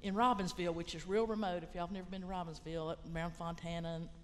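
A woman's voice: fairly low pitch, steady tone, very fast, a little hiss or hum. Frank Appalachian woman in a hall. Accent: Southern Appalachian. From Appalachia, western North Carolina. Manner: frank, rambling, plainspoken, with mild swearing. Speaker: writer and college teacher on a panel. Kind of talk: casual panel storytelling. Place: large lecture hall.

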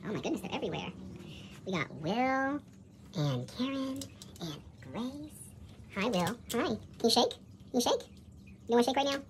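A woman's voice: on the high side, very animated, moderate pace, long pauses, a little hiss or hum. A woman filming her cats at home, cooing at them in repetitive baby talk. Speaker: cat owner filming her pets. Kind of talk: casual home video, baby talk to pets.

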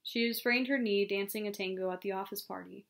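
A woman reading a novel aloud as an audiobook narrator, in a steady storytelling manner. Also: mid-range voice, fairly quick, vocal fry. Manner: steady storytelling with small self-corrections. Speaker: audiobook reader. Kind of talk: scripted narration.

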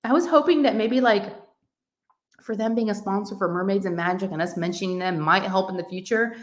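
A woman with a drawl hosts a casual crafting livestream from her home craft room. She reads comments aloud and gushes over her viewers, effusive and easily excited. Her voice sits at an ordinary pitch for a woman. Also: a little fast. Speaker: livestream host of a crafting channel.

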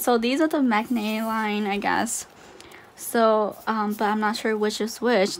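A woman's voice: a little high, a little hiss or hum. A woman talking casually while unboxing a haul for her channel, gushing with exclamations and fillers. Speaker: YouTuber unboxing a photocard haul.

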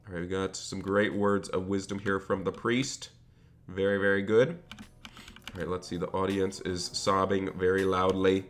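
A man's voice: deep voice, steady tone, moderate pace, bright, forceful tone, soft background music. Chatty, upbeat male gaming host. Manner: upbeat, chatty, addresses viewers as "guys". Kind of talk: game role-play commentary.

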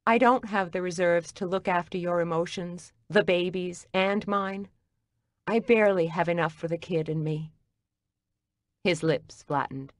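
A woman narrates a first-person audiobook in a low, unhurried voice. Her reading is even and measured. The sound is close and dry. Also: dry recording.

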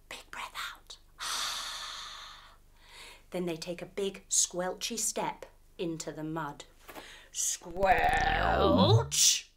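A woman telling a guided yoga story for children, playful and animated with sound effects. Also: medium pitch. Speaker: kids' yoga instructor and storyteller.

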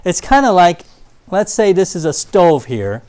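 A man preaching a sermon in a church, telling stories and swinging from loud emphasis to quiet asides. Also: high voice, sing-song, unhurried.

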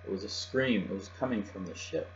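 A man reading a children's picture book aloud in a soft, even narrating voice. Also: sits low, brisk. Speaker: storybook reader. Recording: dull lo-fi with mains hum.

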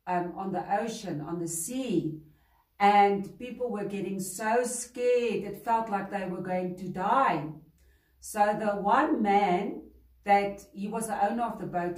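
A woman's voice: mid-range voice, measured pace, darkish tone, recorded from a distance. A woman telling a Bible story to preschool children, speaking straight to them and asking them questions along the way. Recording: roomy echo, voice set back from mic.

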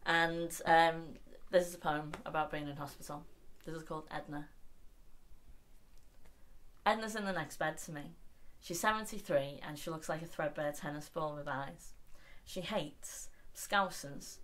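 A woman delivers spoken word poetry with a dry, deadpan wit, her lines blunt and unsentimental. Her voice sits a little low for a woman, and she lets the jokes land flat. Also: a little slow. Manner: wry, blunt, deadpan humour. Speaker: poet.

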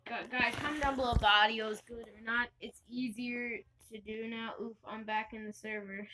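A young woman giving chatty, excitable gameplay commentary for her channel, laughing and shrieking often. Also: a little high, moderate pace, slight background noise, poor audio. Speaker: gaming channel host.

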